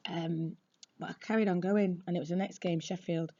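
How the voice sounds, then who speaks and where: A woman football supporter telling a casual story in a chatty, lively and blunt way, on a dull lo-fi recording. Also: fairly low pitch, moderate pace.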